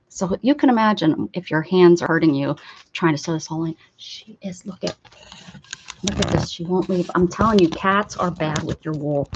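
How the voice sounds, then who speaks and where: A woman hosting a casual crafting livestream from a cluttered room at home, chatting and apologizing to viewers and cooing at her pets. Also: lowish voice. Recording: dull lo-fi stream audio with faint noise.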